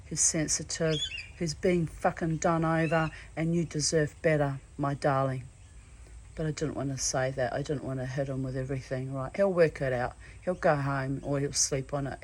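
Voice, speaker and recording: A woman's voice: low voice, a little mellow, rough recording. A woman telling a personal story in a casual vlog, earthy and swearing freely, calling people darling. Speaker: vlogger. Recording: faint background noise.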